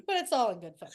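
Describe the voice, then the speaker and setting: A woman with a slightly high voice chats as a podcast co-host. She tells classroom stories in a lively way, slipping into the voices of the people she quotes. Her delivery stays relaxed and conversational. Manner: animated storyteller who acts out quoted voices. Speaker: schoolteacher. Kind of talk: casual chat.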